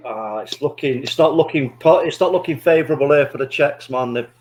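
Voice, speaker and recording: A man's voice: fairly high pitch, fairly quick, a little mellow. A man hosting a live football watchalong, chatting loosely and calling the match between jokes. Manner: swearing, boisterous, laughing banter. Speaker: watchalong host. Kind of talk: casual chat with match commentary. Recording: noisy background ambience.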